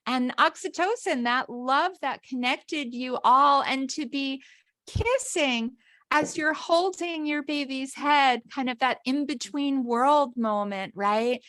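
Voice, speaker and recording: A tearful woman podcast host speaks very slowly in a fairly high voice, gushing with feeling. The sound is close and dry. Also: fairly bright tone, dry recording. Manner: gushing, effusive, emotional. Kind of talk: interview podcast.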